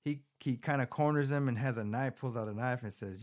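This movie recapper talks a little fast at a medium pitch, barely pausing as he retells a film on his phone camera. He swears constantly and rambles with lively, profane energy.

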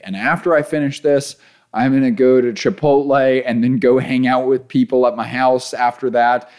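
Man, casual storytelling, animated delivery, mid-range voice, lively pitch swings. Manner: animated, voice rising as he relives panic, then calm and low. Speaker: endurance athlete telling a race story.

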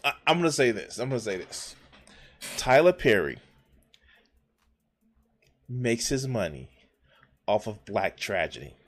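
A man's voice: on the low side, sing-song, measured pace, pauses often. A man giving casual, blunt commentary while reacting to a podcast clip, with frequent swearing. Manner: blunt and profane.

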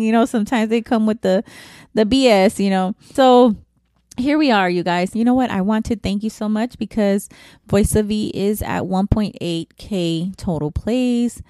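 A woman's voice: medium pitch, moderate pace, no room sound. A middle-aged woman hosts her own podcast, talking openly and emotionally. Her speech is casual and full of slang. Her voice sits in a middle register, and the recording is dry, with no room sound. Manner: candid, emotional, slangy and animated. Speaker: podcast host. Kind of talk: casual solo podcast talk.

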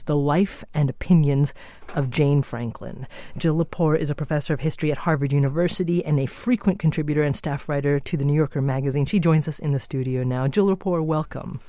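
A woman's voice: low-pitched, a little fast, warm tone, no room sound. A woman hosting a public radio interview in a studio, talking conversationally with some fillers and restarts. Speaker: radio show host.

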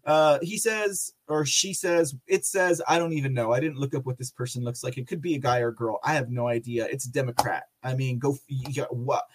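A man's voice: mid-range voice, steady tone, fairly quick, few pauses. A man hosting a political commentary podcast, sarcastic and often laughing. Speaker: podcast host.

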